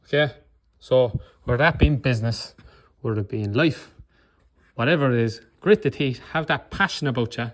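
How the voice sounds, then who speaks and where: A man with an Irish accent and a medium-pitched voice coaches through a motivational talk at a moderate pace. He's blunt and swears, channeling controlled anger and passion, and keeps checking in with "okay?".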